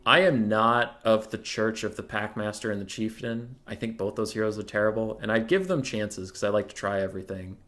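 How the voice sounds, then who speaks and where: A young man streams a strategy tournament and talks the viewers through unit matchups in a casual, rambling way. His voice sits a bit low but has a bright, forward edge. Now and then he works himself up into a mock-furious rant. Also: fairly quick, few pauses. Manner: chatty, mock-furious rants with laughter. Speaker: competitive strategy game streamer. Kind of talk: casual live-stream commentary.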